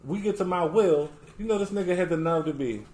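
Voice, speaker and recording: A man hosting a casual group talk show, telling a story in an animated, slangy way, often repeating himself. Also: high-pitched, brisk. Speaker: podcast host.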